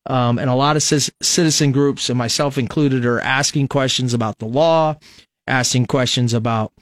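A man's voice: mid-range voice, fairly even intonation, moderate pace, dry recording. Chatty radio host man, dry studio sound. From Nebraska. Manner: rambling, conversational, many fillers. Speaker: radio talk show host. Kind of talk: conservative political talk radio monologue.

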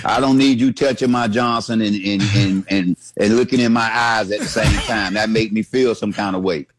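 A man's voice: lowish voice, steady tone, moderate pace, a little hiss or hum. Incredulous colloquial male co-host. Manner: incredulous, colloquial, repeats himself. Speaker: talk show co-host. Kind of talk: casual radio banter.

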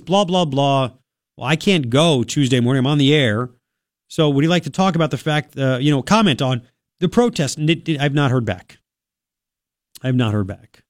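A man's voice: fairly high pitch, moderate pace, no room sound. Male talk radio host, sniffly from a cold, sarcastic asides, close dry studio mic. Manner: sarcastic, chatty, reads news aloud with asides. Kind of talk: casual talk radio commentary. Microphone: studio microphone.

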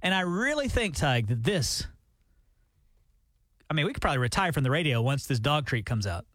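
A man co-hosting morning radio, playful and mock-serious as he pitches ideas, speaking into a studio microphone. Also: sing-song, a little fast, a bit bright, dry recording. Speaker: radio show co-host.

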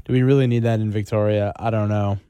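A male radio show host in casual chat, animated and fond of rhetorical questions. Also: on the low side, fast talker, smooth, dry recording.

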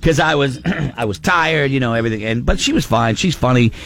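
A man's voice: medium pitch, expressive, fairly quick, gravelly, a bit bright. A middle-aged man hosting a radio show, telling a story with lots of laughter and acting out his wife's lines. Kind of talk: morning radio banter.

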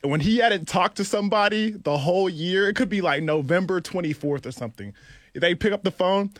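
A man guesting on a radio show, telling stories in an animated, excitable way. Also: high voice, brisk, no echo. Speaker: studio guest. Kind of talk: casual storytelling. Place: radio studio.

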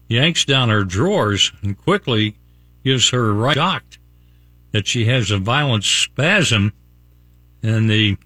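A man's voice: medium pitch, fairly bright tone, no echo. A man hosting a radio morning show, reading jokes and birthdays in a jokey manner with lots of wordplay. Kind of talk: casual on-air banter and joke reading.

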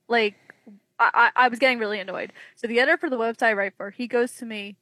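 Young woman, podcast guest, lively storyteller, higher voice, dry close sound. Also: fast, dry recording. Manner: animated, acts out quoted voices. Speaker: wrestling journalist guest.

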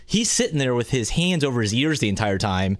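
A man, the show's producer, telling a story on air, animated and laughing as he goes. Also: mid-range voice, brisk. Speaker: radio producer. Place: radio studio.

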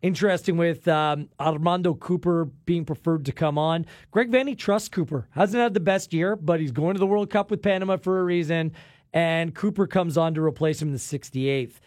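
A male sports show host with a fairly high voice breaks down the match in a lively, upbeat way. The sound is dry and close, with no room around it. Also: moderate pace, no room sound. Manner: enthusiastic, upbeat. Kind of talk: studio sports analysis chat.

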